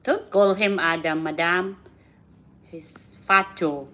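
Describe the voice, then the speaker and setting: A woman hosts a casual livestream, chatting and laughing often in simple, repeated phrasing with non-native grammar. Her voice is fairly low and fairly bright, with a steady tone and a slow pace.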